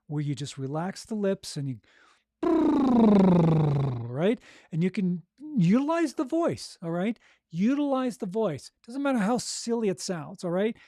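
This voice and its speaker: A man coaching authors on narrating their audiobooks, talking casually and demonstrating breathing and voice warm-ups. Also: high voice, dry recording, clean studio sound. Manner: encouraging, conversational, frequent "okay?" and "right?". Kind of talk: coaching monologue.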